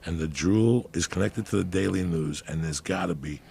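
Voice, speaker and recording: A man in his fifties telling a loud, profane story in casual conversation, often breaking into laughter. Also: low-pitched, normal speed, vocal fry, slight background noise. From New Jersey. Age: 50s. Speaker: comedian guest.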